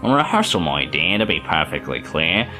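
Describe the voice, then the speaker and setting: A man's voice: deep voice, sing-song, moderate pace, pushed and bright, faint music behind, full character voice. A man putting on a nasal, pompous rich father. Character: fussy rich old father, male, pompous.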